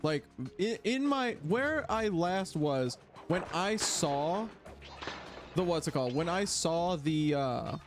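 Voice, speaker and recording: A man playing through a game on stream, talking to his viewers in a lively, bouncy voice that swings high and low. His tone sits a little above the usual male range, and he keeps spilling into theatrical disbelief. Soft game music plays faintly underneath. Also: slow pace. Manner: excitable, exaggerated exasperation. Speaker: gaming streamer. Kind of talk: let's play commentary.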